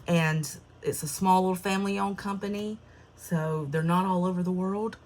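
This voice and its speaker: A woman's voice: lowish voice, fairly even intonation, moderate pace, darkish tone, slight background noise. Breathless, gushing woman planner vlogger. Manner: chatty and enthusiastic, gushing over details. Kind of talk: casual chat.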